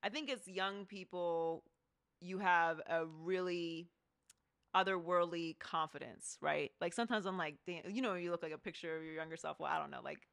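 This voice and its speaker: A woman's voice: fairly low pitch, moderate pace, vocal fry, a bit bright. A woman from Pittsburgh, a sports TV host, talking candidly as an interview guest with casual swearing. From Pittsburgh, USA.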